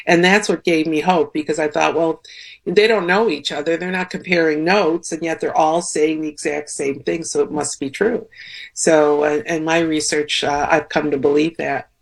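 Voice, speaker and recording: A woman's voice: sits low, steady tone, moderate pace, creaky. A woman speaking as a guest on a call-in radio show, thoughtful and reassuring. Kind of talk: talk radio conversation.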